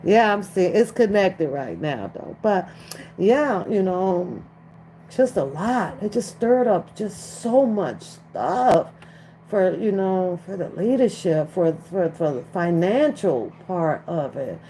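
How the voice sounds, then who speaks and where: Slow-talking woman streaming from her phone. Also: fairly low pitch, very animated, mellow, a little hiss or hum. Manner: chatty, talks straight to chat viewers. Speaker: livestream commentator. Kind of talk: casual live-stream commentary.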